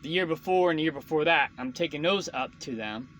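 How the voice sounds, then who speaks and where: Man, trucker vlogger, venting rant, sharp tense voice, some swearing, faint hiss behind. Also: a little high, a little fast, rough recording. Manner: frustrated, ranting, swears often. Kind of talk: casual venting monologue.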